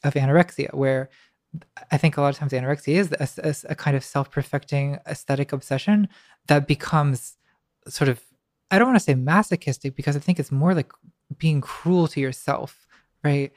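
A woman's voice: low voice, moderate pace, darkish tone, dry recording. Thoughtful woman guest, dry close sound. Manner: thoughtful, hesitant, many restarts and fillers; wry, laughs lightly at herself. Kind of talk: reflective conversation.

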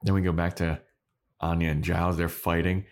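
A man with a low voice recaps a TV episode on a podcast. He tells it loosely and chattily, and he laughs often at his own retelling. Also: level tone, brisk. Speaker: podcast co-host.

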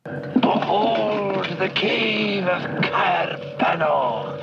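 Brief: male actor as high, gravelly Scottish worrier, comedy film, muffled track under music. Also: expressive, very slow, heavily acted. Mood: warning. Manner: fretful, scolding, told-you-so. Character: jittery grumbling Scottish man warning of a killer rabbit.

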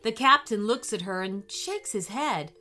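A woman narrating a children's story in a gentle, expressive storybook manner, giving the characters little voices. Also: medium pitch, unhurried, faint music behind.

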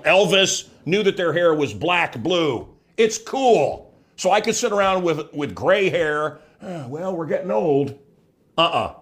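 An older man talks to camera in a loose, sarcastic vlog monologue. His voice sits a little high for a man, and the talk is brash and rambling. He keeps cutting into his own sentences and mocking other people's voices. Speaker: vlog host, former radio host.

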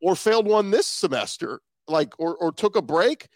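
A man co-hosting a casual sports podcast, talking quickly and posing rhetorical questions. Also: high-pitched, animated, no room sound, clean studio sound. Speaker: guest podcast co-host.

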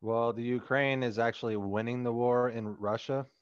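A man's voice: medium pitch, steady tone, moderate pace, clear, resonant tone, no echo. A man joining a podcast as a guest over a headset, swearing a lot and laughing in casual banter. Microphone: headset on an online call. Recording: dry, slightly dull headset audio.

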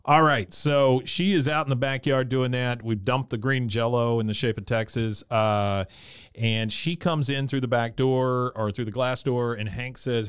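A man's voice: mid-range voice, a little slow, smooth, no room sound, clean studio sound. A man co-hosting a podcast, chatting casually and retelling episode scenes while quoting the characters. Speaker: podcast co-host. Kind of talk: casual chat recapping a cartoon episode.

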